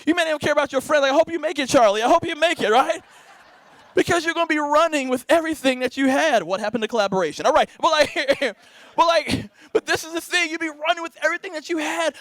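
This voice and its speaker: A young man with a strikingly high voice gives a motivational keynote on stage. He is energetic and playful, laughing often and throwing "right?" back to the crowd. His sound is close and dry, with almost no room around it. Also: brisk, no echo. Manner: laughs often, acts out bits. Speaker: keynote speaker. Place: event stage before a live audience.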